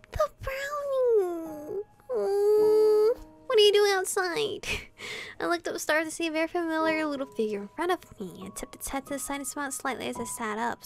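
A woman hosting a let's play, reading a visual novel aloud in a dramatic way, swearing and laughing between lines. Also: on the high side.

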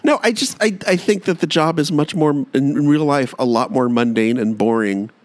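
A man co-hosting a comedy podcast in casual chat, animated, with self-mocking deadpan asides. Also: fairly high pitch, moderate pace. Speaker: podcast co-host.

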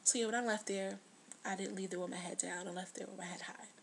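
A woman in her twenties talking earnestly to the camera in a confessional video diary, sometimes dropping to a hush. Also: medium pitch, steady tone, fast, gravelly, slight background noise. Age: 20s. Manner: earnest, heartfelt, drops to a hush at times. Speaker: vlogger.

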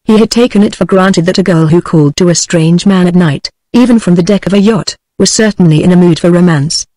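A British woman narrating a storybook in a steady, even text-to-speech reading. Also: lowish voice, brisk, no echo, low-quality recording. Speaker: audiobook narrator. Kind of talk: scripted narration.

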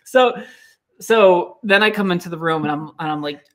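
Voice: mid-range voice, normal speed, fairly bright tone. A host telling a prank story in casual chat, swearing and acting out other people's voices.

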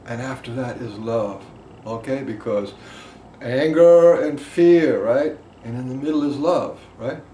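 A man teaching a group about emotional release, impassioned, swinging between loud emphasis and quiet asides. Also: medium pitch, measured pace. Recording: echoey room with faint background noise.

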